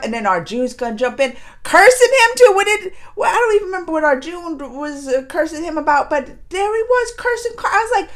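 A woman hosting a reaction video, recapping episodes in a lively, expressive way with frequent laughs and exclamations. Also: high voice, fairly quick, hardly any pauses.

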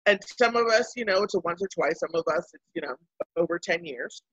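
A woman from Baltimore in the United States is a guest in a casual interview, telling a story animatedly and acting out what people said. Her voice is on the low side, brisk and husky. The lo-fi recording has no echo.

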